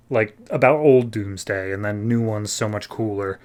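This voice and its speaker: A man's voice: medium pitch, moderate pace, few pauses, darkish tone. A man hosting a podcast, recapping a comic book in a casual, rambling way with sarcastic asides. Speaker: podcast host.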